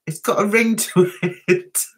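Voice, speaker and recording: A woman hosting a casual livestream, chatting and giggling as she reads viewer comments and answers them fondly. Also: fairly low pitch. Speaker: livestream host.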